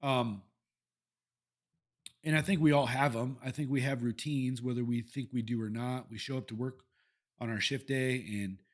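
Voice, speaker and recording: A man's voice: medium pitch, fairly even intonation, normal speed, pauses often. A man hosts a solo podcast in a candid, conversational way. He swears freely and often restarts his sentences as he thinks aloud. His voice sits in a mid range. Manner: candid, profane, rambling with restarts. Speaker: podcast host. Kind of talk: casual solo podcast talk. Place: Iowa.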